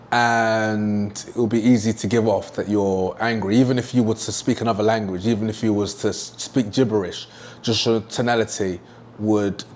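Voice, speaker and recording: A man's voice: on the low side, darkish tone, slight background noise. A young man teaching a sales lesson at a whiteboard, emphatic and repeating his key points. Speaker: sales trainer.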